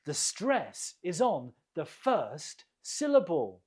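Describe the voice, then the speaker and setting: An English teacher runs a quiz for learners at a very slow, careful pace, saying each word twice. The voice is husky, with a lively rise and fall of pitch. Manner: deliberate, repeats each word, explains stress.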